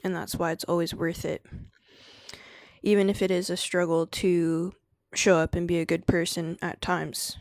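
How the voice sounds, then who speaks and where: A woman with a mid-range, slightly mellow voice hosts a casual live stream with no echo. She's slangy and laughs often, answering chat and drifting into spiritual preaching.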